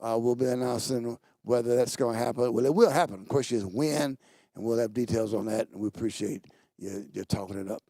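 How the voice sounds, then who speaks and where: Man, pastor host, joking announcements, gravelly voice, dry studio sound. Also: fairly quick, no echo. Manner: playful, jokes with the crew, animated pitch jumps. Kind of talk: casual church announcements. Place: studio set.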